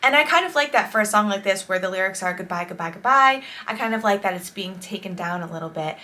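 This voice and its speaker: A woman's voice: mid-range voice, animated, fast talker, pushed and bright. A woman songwriter reacting to an album in casual, enthusiastic commentary, explaining songwriting tips as she goes.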